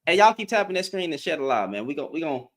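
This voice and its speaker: A man's voice: a little high, sing-song, fast. A man hosting a livestream, ranting in heated, emphatic commentary, repeating and restarting his words. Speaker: livestream host.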